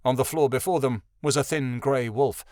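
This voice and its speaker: A man reading a fantasy audiobook aloud in a steady, even storytelling style. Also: mid-range voice, normal speed, no echo, clean studio sound. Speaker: audiobook narrator. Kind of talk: scripted narration.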